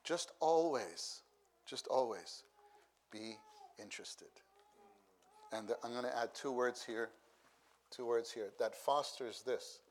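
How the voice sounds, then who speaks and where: A middle-aged man preaching a sermon, unhurried, who repeats key phrases for emphasis. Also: mid-range voice.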